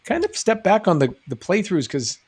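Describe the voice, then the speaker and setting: A middle-aged man from New England hosts a live stream, reading out chat and riffing on it. His voice sits a little high, and he talks in a loose, jokey, meandering way. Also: very animated, normal speed, darkish tone, slightly rough. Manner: jokey, rambling, reads chat aloud. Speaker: show host answering live chat.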